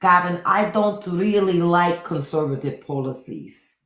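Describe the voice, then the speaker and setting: A woman putting on a breathy, lovestruck voice as a swooning first lady, recorded in a roomy space. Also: on the low side, a little slow, fairly bright tone. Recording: roomy echo.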